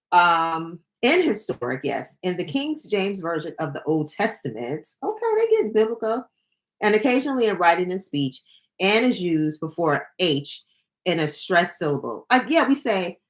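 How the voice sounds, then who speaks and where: A young woman hosts a livestream, reading dictionary entries aloud in a lively voice whose pitch swings widely. She breaks off between definitions with playful, jokey asides.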